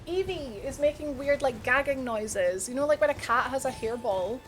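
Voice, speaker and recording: A woman's voice: sits high, normal speed. A woman from Scotland with an Edinburgh accent, chatting casually with her live-stream audience, laughing often and greeting viewers by name. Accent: Edinburgh Scottish. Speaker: game streamer.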